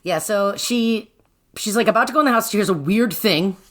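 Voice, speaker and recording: Woman, podcast co-host, casual book recap, swears freely, average pitch. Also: fairly quick, heavy background noise. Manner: chatty, swears freely, acts out lines from the book.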